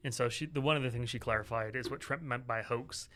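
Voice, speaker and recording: A man's voice: medium pitch, fast, pushed and bright. A man co-hosting a political podcast in casual chat, with a sarcastic, joking manner. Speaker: podcast co-host.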